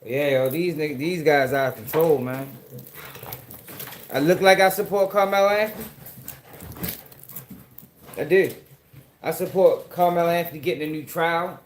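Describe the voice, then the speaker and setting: Man, Baltimore accent, casual live-stream commentary, swears a lot, replies to chat, fairly high voice, echoey room, faint background noise. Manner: profane, talks back to chat comments. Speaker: commentary show host.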